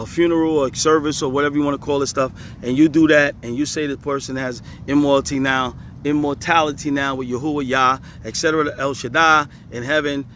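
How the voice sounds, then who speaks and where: A man's voice: on the high side, fairly bright tone, a little hiss or hum. A man teaching scripture in a casual video, repeating his points with emphasis and chuckling often. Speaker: religious teacher.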